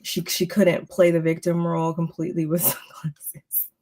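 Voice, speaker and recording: Casting: woman with a very low voice, relaxed chatty recap co-host. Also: moderate pace. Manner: relaxed, chatty, many fillers. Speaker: podcast co-host. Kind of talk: casual recap chat.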